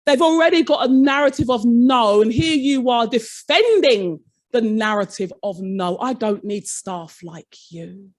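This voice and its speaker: Speaking a little slowly in a slightly high, expressive voice, a middle-aged former head teacher delivers a conference keynote. In the conference hall she tells a story with dramatic flair, switching voices to play the staff members she quotes.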